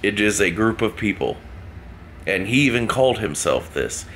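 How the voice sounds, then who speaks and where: A man's voice: on the low side, big pitch swings, moderate pace, a bit bright, slight background noise. Laid-back man telling a story. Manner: rambling, joking, laughs at himself. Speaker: vlogger. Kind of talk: casual storytelling.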